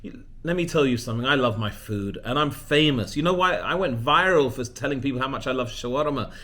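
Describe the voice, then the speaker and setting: A man talking casually to his camera, full of animated, self-mocking storytelling. His voice sits at an ordinary middle pitch. He often drifts into quieter, muttered asides. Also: a little fast. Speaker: vlogger. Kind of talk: casual vlog monologue.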